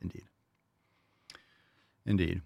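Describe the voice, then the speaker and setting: A podcast host answers listener questions in casual conversation, blunt and profane, mocking them with exaggerated disbelief. He takes his time, his voice a little mellow, and the recording has no room sound.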